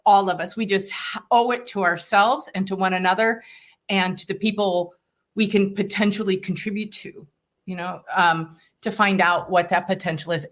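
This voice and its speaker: A woman hosting a podcast, summing up her guest's points in a measured, deliberate way. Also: medium pitch, a bit bright. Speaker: podcast host. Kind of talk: interview host summarizing.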